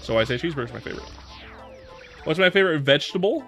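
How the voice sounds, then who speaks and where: A man in his thirties with a fairly high voice, chatting casually with his livestream viewers. He rambles through his answers, restarting sentences and repeating words, with faint music playing underneath. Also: animated, very fast, fairly bright tone. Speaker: streamer.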